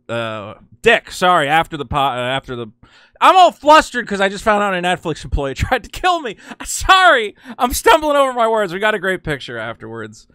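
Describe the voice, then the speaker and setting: A man hosting a casual commentary vlog, talking in an excitable, rambling, exasperated way. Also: a little high, clear, resonant tone, no echo, clean studio sound. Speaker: channel host.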